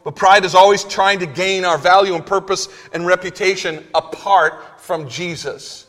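A man's voice: high voice, steady tone, normal speed, fairly bright tone. A male pastor preaching a sermon in a conversational, emphatic way, in a church. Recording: long hall reverb.

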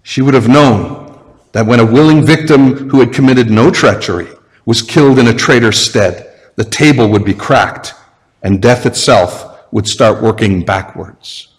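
A man reading aloud the lines of a great, wise male lion, grave and slow. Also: medium pitch, in a large hall, pitched below the performer's own voice, close to an everyday voice, rough recording. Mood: solemn.

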